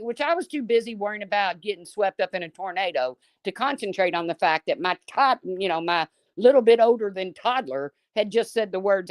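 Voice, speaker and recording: A woman's voice: mid-range voice, very animated, normal speed, no room sound, studio quality. A middle-aged woman hosting a live chat, talking bluntly and swearing freely, reading viewers' names aloud between folksy stories. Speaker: livestream host. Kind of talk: casual live chat, storytelling.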